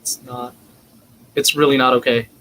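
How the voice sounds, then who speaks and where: A man co-hosting a live wrestling watch-along, reacting emotionally and excitedly as events unfold on screen. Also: mid-range voice, moderate pace, slight background noise. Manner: excitable, reacts loudly and swears; anxious, emotional live commentary.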